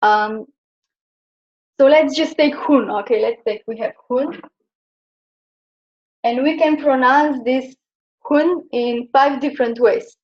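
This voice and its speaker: A woman's voice: sits high, unhurried, a little hiss or hum. A young woman from Slovenia teaching Chinese pronunciation in a classroom, explaining hesitantly with many fillers. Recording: dull lo-fi classroom recording.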